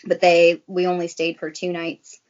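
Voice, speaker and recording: A young woman talks in a chatty, rambling way, with many "like"s as she tells her story. Her voice sits a little low. The recording sounds slightly dull and lo-fi. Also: completely flat delivery, normal speed, darkish tone. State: briefly tearful. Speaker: guest. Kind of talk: casual chat.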